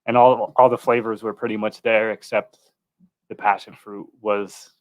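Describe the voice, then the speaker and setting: Flat-voiced, halting man. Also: fairly low pitch, no echo. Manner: hesitant, halting. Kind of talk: casual chat.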